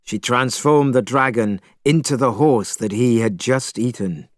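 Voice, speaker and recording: A man narrating a storybook chapter in a measured, expressive way. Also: mid-range voice, no room sound, studio quality.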